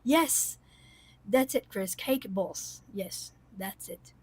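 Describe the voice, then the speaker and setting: A woman host chatting casually with her viewers on a livestream, rambling warmly with many fillers and little laughs. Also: mid-range voice, animated, takes it slowly, husky, no room sound. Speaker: coloring channel host.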